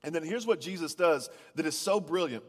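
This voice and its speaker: A man's voice: a little high, lively intonation, brisk. A male pastor giving a sermon in a church, telling stories in a conversational way and often repeating his first words. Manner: conversational storytelling preacher, repeats starting words. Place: church auditorium. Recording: long reverb of a large hall.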